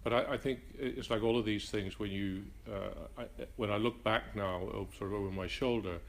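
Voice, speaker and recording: An older man with a detribalized accent, Northern Irish roots worn down by years in southern Africa. His voice sits low, and he reflects in an interview, halting, restarting, and circling back to his point. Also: fairly even intonation, slight background noise. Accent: mixed Northern Irish and Rhodesian. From Northern Ireland. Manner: halting, many restarts and fillers.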